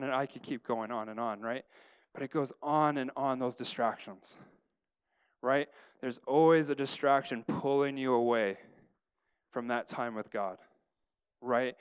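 A man's voice: medium pitch, clear, resonant tone. A middle-aged man giving a casual sermon, acting out stories of his own prayers and often tagging sentences with "right?". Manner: animated storyteller, acts out his own prayers, tags lines with "right?". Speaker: pastor.

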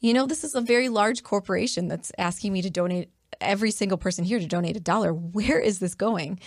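A woman chatting in a relaxed way, telling stories with many fillers and restarts. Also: mid-range voice, quick pace, dry recording, studio quality. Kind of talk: casual conversation.

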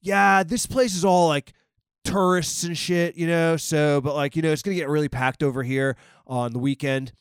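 A man's voice: a little high, steady tone, moderate pace, clean tone, no room sound, studio quality, natural voice. A man doing a laid-back LA driver dude. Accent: Los Angeles. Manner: drawling, easygoing, says dude a lot. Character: laid-back male Los Angeles rideshare driver. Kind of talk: acted quote in a podcast monologue.

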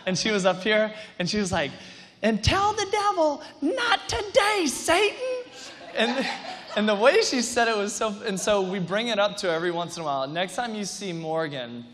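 A male pastor with a high voice, preaching to a congregation in a large church hall. He talks energetically and rambles, with quick restarts and playful asides. His voice carries a long hall reverb. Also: fairly bright tone. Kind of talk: sermon.

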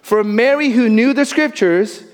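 A male pastor preaching a sermon in a church, animated, dropping to soft emphasis. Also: very high voice, a little slow, in a large hall. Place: church sanctuary.

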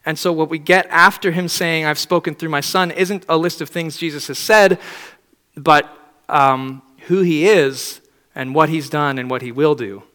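Man, preacher, sermon, reflective, rhetorical questions, slightly high voice, echoing hall. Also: measured pace, pushed and bright.

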